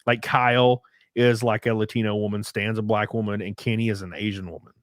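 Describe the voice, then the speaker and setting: A man's voice: lowish voice, level tone, fairly quick, no echo. Male streamer host with a loose, filler-heavy ramble and a dry, close mic sound. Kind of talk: casual podcast chat.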